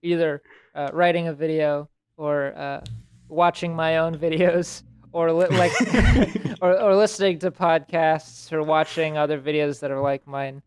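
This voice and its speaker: A man's voice: a little high, steady tone, unhurried, smooth, no room sound, studio quality. A young man hosting a podcast in casual chat, rambling with frequent restarts and self-interruptions. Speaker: podcast host.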